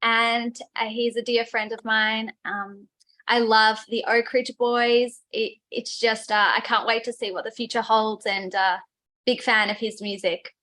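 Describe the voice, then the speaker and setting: A woman's voice: on the high side, flat delivery, unhurried, bright, forceful tone. A woman from Australia with an Australian accent, a guest chatting in a friendly, easygoing way and laughing often. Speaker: guest singer. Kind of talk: casual interview chat.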